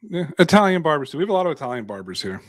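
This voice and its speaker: Sarcastic ranting podcast man, fairly high. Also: big pitch swings, racing, no room sound. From Canada. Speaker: podcast co-host. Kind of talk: casual chat.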